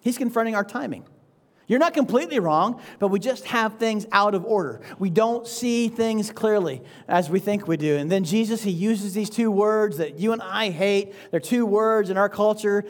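A man with a notably high voice preaches a sermon in an easygoing, conversational way. He keeps checking in with his listeners with a quick "right?" and lets small chuckles slip between his points. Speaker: pastor.

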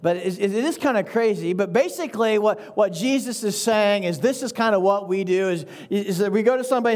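A pastor with a notably high, slightly mellow voice preaches in a relaxed, conversational style. He keeps checking in with a quick "right?" and lets small chuckles slip out between points.

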